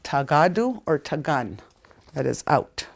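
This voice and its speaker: A woman teaching a language lesson in a casual way, repeating words slowly and stressing them strongly. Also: sits low, sing-song, creaky. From Canada.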